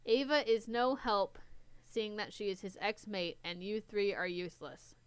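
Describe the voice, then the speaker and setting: A gruff, aggressive young male werewolf making growling threats, read out by a woman in her own smooth voice. The lines come from a casual story reading. The sound is close and dry. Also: medium pitch, a little slow, no room sound, lightly acted. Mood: hostile.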